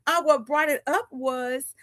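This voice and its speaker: A lively woman in her fifties talks straight to her viewers in a casual live chat. Her voice sits fairly high and sounds dry, with no room around it. She laughs easily and slips into little acted-out dialogues. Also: unhurried, no room sound. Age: 50s. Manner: animated and chatty, laughing often and acting out little dialogues. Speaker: podcast host and life coach.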